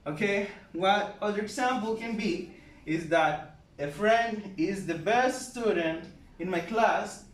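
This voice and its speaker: Slow high-voiced man teaching a lesson. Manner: slow, repetitive, explains step by step. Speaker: English teacher. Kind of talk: grammar lesson. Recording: roomy, from far off, faint noise.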